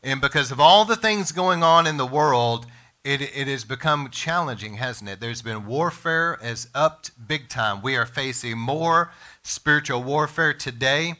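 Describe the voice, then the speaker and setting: Bright, emphatic man preaching. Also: mid-range voice. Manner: emphatic, slows down to stress words; addresses congregation and podcast listeners directly. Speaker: pastor. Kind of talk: sermon.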